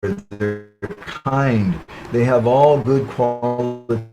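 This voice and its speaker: A man of medium pitch narrates a parable in a sermon. He speaks over an online webinar call and keeps checking in with the listeners through short tag questions. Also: drawn-out words, music in the background, rough recording. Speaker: spiritual speaker. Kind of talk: storytelling sermon.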